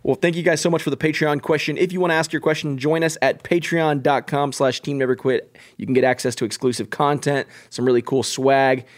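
A man hosting a podcast, relaxed and easygoing, reading a sponsor plug and introducing a guest. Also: a little high, fairly quick, hardly any pauses. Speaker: podcast host. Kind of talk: casual chat and scripted sponsor read.

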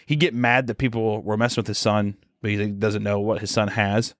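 A man's voice: on the low side, little pitch movement, brisk, no room sound, studio quality. A man co-hosting a podcast, chatting casually and slipping into mock voices as he riffs on a bit. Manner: slips into mock character voices mid-story. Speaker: podcast co-host. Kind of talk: casual chat, acting out bits.

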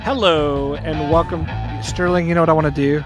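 A man co-hosting a casual sports podcast, jokey and self-deprecating, talking in quick bursts. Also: fairly high pitch, fairly even intonation, music in the background. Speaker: podcast co-host.

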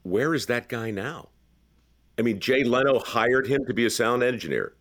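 A man's voice: medium pitch, expressive, moderate pace, a bit bright. A man hosting a casual conversation, telling reflective stories with wry asides. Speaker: podcast host.

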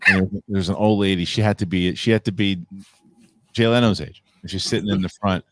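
Guy host, comic, lowish voice, laid back rambling, dry mic. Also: fairly quick, no room sound. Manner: relaxed, rambling storyteller. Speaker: podcast host and comedian. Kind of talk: casual chat.

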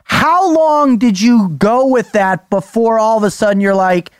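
High-voiced man asking probing questions. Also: measured pace, few pauses, clear, resonant tone, dry recording, clean studio sound. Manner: probing, conversational. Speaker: podcast host. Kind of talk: interview questions.

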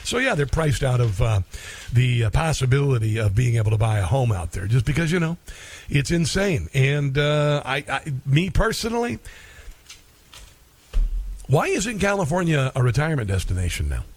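A man's voice: mid-range voice, very animated, normal speed. A middle-aged man hosting a talk radio show in a rambling, sarcastic, folksy monologue.

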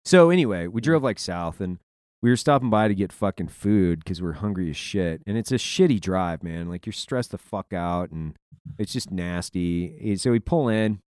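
A man telling a profane, animated war-zone story in a casual chat, breaking into laughter. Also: sits low, moderate pace, smooth, no echo, studio quality.

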